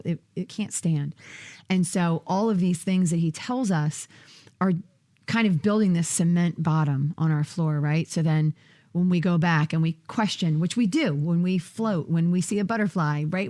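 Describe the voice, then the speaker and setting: A woman's voice: lowish voice, a little mellow. A woman leading a casual group Bible study, asking questions and laughing often.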